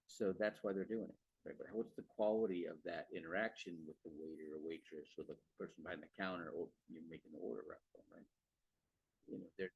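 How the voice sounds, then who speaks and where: On a dull, dry, lo-fi recording with no echo, a deep, slightly breathy man hosts a podcast. His talk about sales is casual and rambling, with repeated words and frequent check-ins of "okay" and "right".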